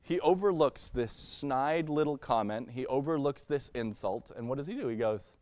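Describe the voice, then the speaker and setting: A pastor preaching a sermon in a conversational style, acting out little scenes and laughing along the way. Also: male voice, mid-range voice, expressive, normal speed, few pauses, darkish tone. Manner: conversational preaching with playful acted-out asides. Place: church sanctuary.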